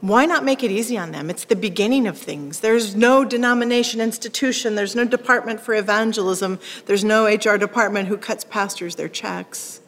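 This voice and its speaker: A woman pastor preaching a sermon, animated, acting out quoted lines with sharp rising questions. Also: mid-range voice, moderate pace, few pauses. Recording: long hall reverb.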